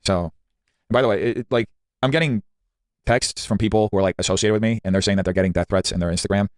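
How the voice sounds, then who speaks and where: A man's voice: on the low side, fairly even intonation, fast talker, smooth, dry recording, clean studio sound. A man livestreaming and defending himself combatively against a viewer. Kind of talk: livestream argument.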